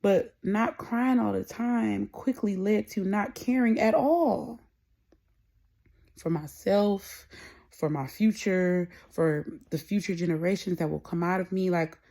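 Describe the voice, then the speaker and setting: A woman's voice: mid-range voice, slow, gravelly, mellow. Candid, rambling woman talking. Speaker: podcast host. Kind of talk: casual solo monologue.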